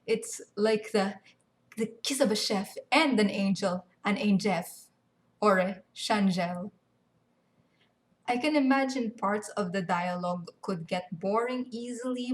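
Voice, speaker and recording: A young woman, ranting animatedly and sarcastically in casual game commentary, swearing freely. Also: medium pitch. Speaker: gaming video commentator.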